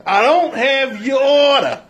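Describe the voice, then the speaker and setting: A brusque pizza shop worker with a thick New York accent, dismissive and short with his customers, as a man puts him on in a story. The voice sits high and gets louder as he brushes people off. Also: takes it slowly, lo-fi sound, full character voice.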